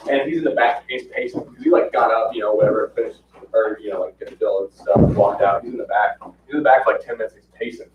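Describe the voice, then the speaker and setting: A fairly low-pitched man talks fast over heavy background noise, recounting fights in casual chat. He acts out quotes animatedly and laughs often, in podcast audio that sounds roomy, distant and muffled.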